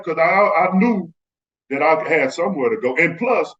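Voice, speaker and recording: A man's voice: fairly high pitch, animated, moderate pace, fairly bright tone, dull audio. A man, a guest telling stories in casual chat and acting out the voices of the people in them. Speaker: guest, former pro basketball player. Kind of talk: casual storytelling.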